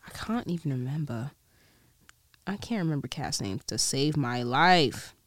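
A young woman vlogger chatting casually about TV shows in a put-on British accent, slangy and animated, with whispered asides. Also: rumbling low, measured pace, no echo, clean studio sound. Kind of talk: casual chat recapping TV shows.

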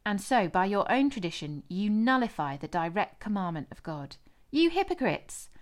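Jesus: earnest, authoritative male teacher, voiced by the female narrator, firm and steady. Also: medium pitch, moderate pace, close to an everyday voice.

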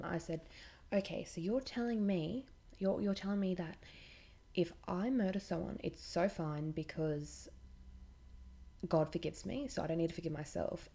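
Woman host, low and mellow, chatty and irreverent storyteller. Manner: chatty, blunt and irreverent, swears freely. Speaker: podcast host. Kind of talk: casual storytelling monologue.

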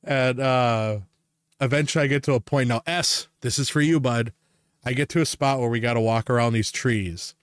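In casual podcast chat, the host tells rambling stories, swears freely and laughs a lot. His voice is medium in pitch, clear and resonant, with fairly even intonation at a moderate pace, captured in clean studio sound with no room sound.

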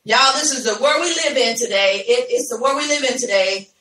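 A woman with a high, bright voice hosts a casual live podcast, talking to her listeners as y'all and laughing easily. Her voice is picked up from a distance in a roomy, echoey space. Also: fairly quick. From Ohio, USA. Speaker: podcast host.

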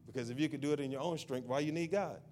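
A man's voice: a little high, quick pace, darkish tone, slight background noise. Exhorting male pastor preaching. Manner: repetitive, exhorting, building to fervent prayer. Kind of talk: sermon.

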